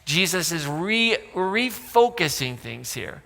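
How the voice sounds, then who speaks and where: A man's voice: a little high, very animated, takes it slowly, creaky, bright, forceful tone, long reverb tail. A man pastor giving a sermon in a casual, joking way, with asides to the congregation. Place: church sanctuary.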